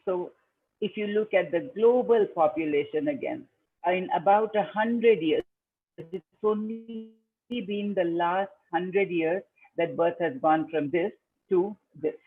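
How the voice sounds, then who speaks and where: A woman with an Indian English accent gives a webinar lecture, her voice slightly husky and breathy. She talks conversationally, restarting often and acting out short quotes. The sound is thin and tinny, like an online call. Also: on the low side. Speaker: invited lecturer. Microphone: video call.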